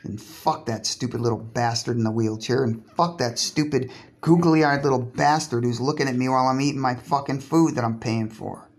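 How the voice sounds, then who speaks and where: A man's voice: medium pitch, normal speed. A man with an ordinary mid-range voice rants through a solo podcast monologue, sarcastic and full of swearing, now and then breaking off a word and starting again. He is recorded at home, talking from his bathtub. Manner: profane, sarcastic, provocative, breaks off and restarts words.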